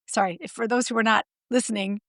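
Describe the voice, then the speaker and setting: A middle-aged woman coach telling stories in an interview, blunt and lively, acting out her clients' lines. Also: a little high, fast talker, dry recording, studio quality. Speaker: guest, marriage coach. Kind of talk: animated storytelling interview.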